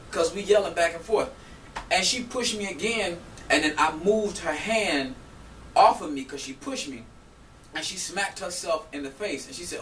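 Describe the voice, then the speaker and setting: A man's voice: on the high side, normal speed. Guy ranting about getting scammed, aave, playing both sides of the fight, roomy echo, mic kinda far, faint room hum. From South Florida. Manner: animated, profane, acts out both sides of an argument. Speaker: vlogger telling a story. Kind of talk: heated storytelling rant.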